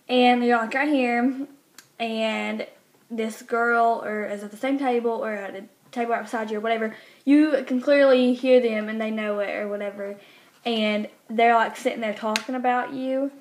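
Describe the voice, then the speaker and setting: A teenage girl chatting casually as a vlogger, rambling and hesitant with many restarts. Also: on the high side. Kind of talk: casual chat.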